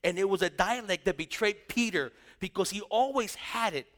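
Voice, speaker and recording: A man's voice: high-pitched, normal speed, fairly bright tone. A man preaching a sermon in a conversational style, asking the congregation rhetorical questions. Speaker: pastor.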